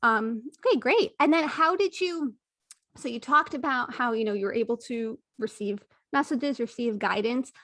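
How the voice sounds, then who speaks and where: A woman's voice: a little high, normal speed, a bit bright, dry recording, studio quality. A woman hosting an interview podcast, affirming her guest and reflecting aloud as she works through her thoughts. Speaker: podcast host. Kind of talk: casual interview conversation.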